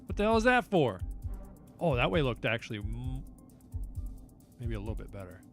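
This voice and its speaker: A man's voice: mid-range voice, very animated, normal speed, soft background music. A man streaming a geography guessing game, talking to himself, self-mocking and blurting out at his misses. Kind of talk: live game commentary.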